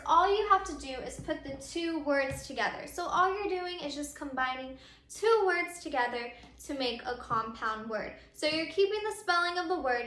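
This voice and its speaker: A woman's voice: sits high, a bit bright. A young woman teacher, patiently explaining a grammar lesson step by step with frequent ums. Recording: echoey room.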